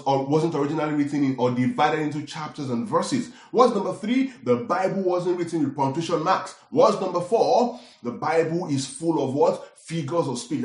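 Guy preaching a sermon, keeps asking the crowd questions, lively, echoey church sound. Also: fairly high pitch. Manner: animated, often asks the congregation questions. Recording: echoey hall.

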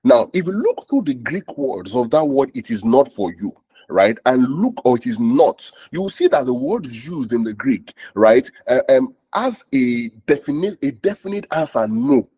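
A man's voice: medium pitch, sing-song, normal speed, mellow, slightly rough, no room sound. A man preaching a sermon, explaining scripture verse by verse, repeating himself and asking the audience questions.

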